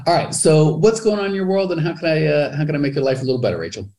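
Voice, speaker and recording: A man hosting a podcast and coaching a guest, talking enthusiastically with big swings in pitch. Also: very fast, a little mellow. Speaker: business coach and podcast host. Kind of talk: podcast interview.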